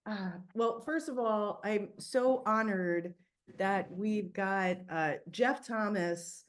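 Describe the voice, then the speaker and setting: A woman's voice: mid-range voice, slow. A woman hosting an online book interview on a video call, effusive and emotional in her praise. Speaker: interviewer and book club host.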